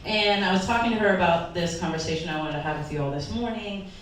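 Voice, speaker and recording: A woman's voice: lowish voice, fast, slight background noise. A woman pastor giving an earnest, emotional sermon, her voice sometimes wavering as if near tears. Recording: echoey hall from far off.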